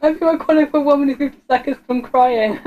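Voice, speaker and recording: High-voiced giggly woman gaming. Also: steady tone, fast talker, narrow, tinny audio. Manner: giggly, frightened squeals and laughter. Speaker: gamer. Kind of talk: horror game commentary.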